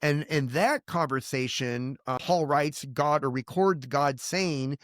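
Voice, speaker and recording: A man's voice: fairly high pitch, takes it slowly, a bit bright, no room sound, clean studio sound. A man telling a personal faith testimony in an interview, speaking earnestly and from the heart, with the odd short laugh. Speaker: guest sharing his faith story.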